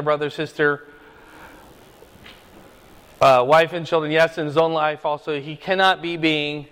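A man's voice: on the high side, fairly bright tone. A pastor teaching a sermon from his notes, working through verses and adding asides to the congregation. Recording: long hall reverb.

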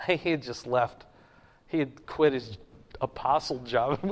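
A man's voice: a little high, expressive, measured pace, a bit bright. A man teaching a classroom Bible lesson, often checking in with his listeners by asking "okay?". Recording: long reverb of a hall.

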